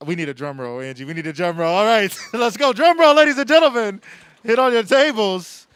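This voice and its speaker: On a handheld microphone at an awards night, an event emcee on the hall stage trades jokes with the audience and gets them fired up. He speaks a little fast in a high-sitting, smooth voice with a fairly bright tone.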